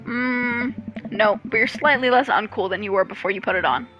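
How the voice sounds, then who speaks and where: A woman voicing a blunt little girl, video game, deadpan delivery, bright tone, faint music behind. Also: a little high, moderate pace, close to an everyday voice, poor audio.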